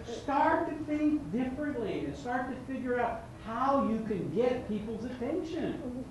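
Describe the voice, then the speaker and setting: A man's voice: extremely high pitch, lively intonation, unhurried. A man giving a motivational seminar talk to a live audience, telling stories with humor and acting out the dialogue. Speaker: motivational speaker. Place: large event room. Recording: echoey hall from far off with faint noise.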